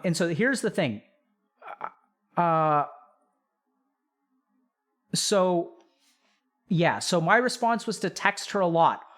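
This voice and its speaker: A man hosting a stream, calmly explaining to his audience step by step, with frequent "like" and "right?" checks. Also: sits high. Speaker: psychiatrist host reviewing reader posts.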